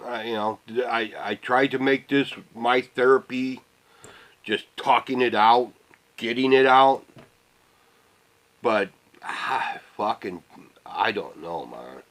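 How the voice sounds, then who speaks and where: A middle-aged man ranting casually to the camera, rambling and swearing, often trailing off into low mutters. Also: expressive, slow, long pauses, a bit bright, poor audio. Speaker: vlogger.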